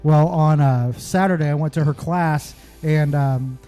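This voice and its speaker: A man's voice: fairly high pitch, unhurried, mellow, soft background music. A man, co-hosting a podcast in a rambling casual way with many restarts. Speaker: podcast co-host.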